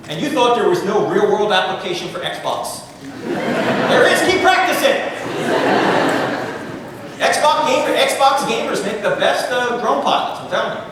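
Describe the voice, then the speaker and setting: A middle-aged man lecturing with a fairly high voice and a playful, joking delivery full of quick asides to the crowd. His voice rings through a large hall with long reverb, heard from a distance with faint noise underneath. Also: fairly bright tone. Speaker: guest speaker. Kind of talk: humorous lecture to a live audience. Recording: echoey hall, voice picked up from far off.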